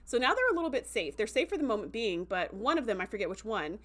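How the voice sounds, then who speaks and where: A woman with a fairly high voice recaps an episode on a casual livestream. She talks in a loose, chatty way, stringing thoughts together with "like" and "um." When she quotes characters, she acts out their lines with lively, animated voices. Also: fast talker. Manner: chatty, heavy with "like" and "um" fillers. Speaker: show reviewer hosting a livestream.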